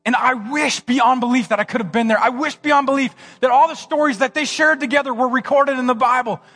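A man's voice: very high voice, fairly quick, pushed and bright, soft background music. A male pastor preaching a sermon, acting out the scene with playful slang. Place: church hall.

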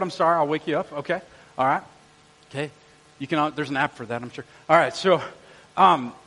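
Middle-aged male pastor, high voice, energetic, jokey with the crowd, long church-hall reverb. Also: slightly rough. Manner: energetic, jokey, quizzes the congregation. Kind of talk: sermon. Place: church auditorium.

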